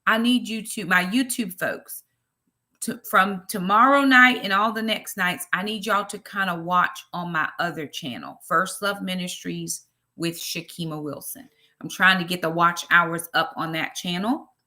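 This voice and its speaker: Southern woman hosting a church livestream, bright voice, chatty, calls out viewers by name. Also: lowish voice, measured pace. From Brooklyn, New York. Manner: chatty, greets viewers by name, lively asides. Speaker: ministry livestream host. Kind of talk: casual livestream chat with viewers.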